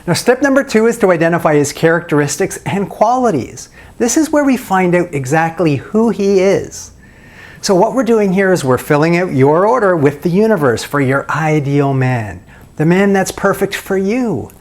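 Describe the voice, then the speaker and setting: A man's voice: sits high, expressive, normal speed. A man giving self-help dating advice in a video, walking the listener through a long run of guiding questions. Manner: asks the listener question after question in a coaching tone. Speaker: dating coach.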